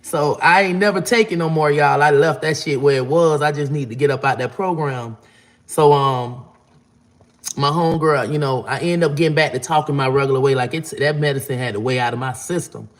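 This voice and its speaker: A man's voice: fairly high pitch, a little fast. A man, casually telling a long, profane story. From Florida. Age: 40s. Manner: profane, rambling, acts out quotes in a raised voice. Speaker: vlogger.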